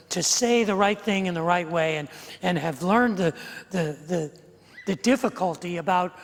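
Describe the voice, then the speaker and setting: A middle-aged man preaching a sermon as pastor, in a humorous, conversational way. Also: high-pitched. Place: church sanctuary. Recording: long reverb of a church hall.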